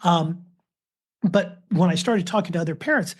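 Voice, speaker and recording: A man's voice: sits high, normal speed. A man in his fifties, a father and author, telling stories as a guest in a casual podcast interview. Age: 50s. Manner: anecdotal, acts out quoted voices.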